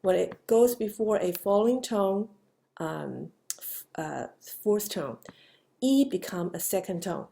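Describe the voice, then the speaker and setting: A woman's voice: mid-range voice, expressive, takes it slowly, vocal fry, dark tone. A woman teaching a grammar lesson patiently, with many fillers and repeated example phrases. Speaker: Chinese language teacher. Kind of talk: slow grammar lesson lecture.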